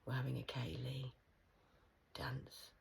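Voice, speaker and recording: A woman rambling through a stream-of-consciousness monologue, punning and swearing, swinging between hushed whispers and loud outbursts. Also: a bass voice, flat delivery, slow pace, vocal fry, rough recording. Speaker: vlogger.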